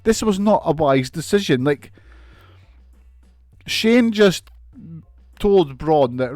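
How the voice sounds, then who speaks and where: A man's voice: a little high, expressive, slow pace, long pauses, a little mellow, no echo, studio quality, faint music behind. A man giving a casual, sweary, sarcastic recap of a wrestling show, laughing often.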